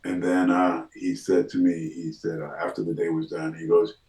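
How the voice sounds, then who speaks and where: Low-voiced man telling a story, echoey room. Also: brisk, few pauses, far from the mic. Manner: animated storyteller, acts out quoted dialogue, frequent restarts. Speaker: actor, interview guest. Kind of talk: storytelling in casual interview.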